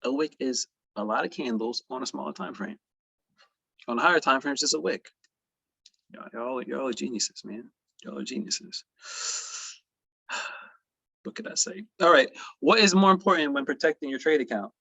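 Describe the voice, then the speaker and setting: A man's voice: mid-range voice, lively intonation, normal speed, creaky, long pauses, a bit bright, slightly rough, no room sound. A man teaching an online trading class in a playful, boastful, teasing way. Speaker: trading educator.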